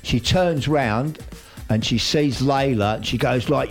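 Chatty bloke, rambling soap recapper, mid-range voice, faint music bed. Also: male voice, medium pitch, unhurried. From United Kingdom. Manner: chatty, rambling storyteller with slangy asides. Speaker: radio show regular recapping a soap opera. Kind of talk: casual chat.

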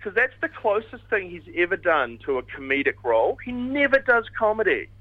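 A man's voice: high voice, big pitch swings, a little fast. A man calling in as a regular film correspondent, chatty and enthusiastic in casual radio talk. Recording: lo-fi call-in line.

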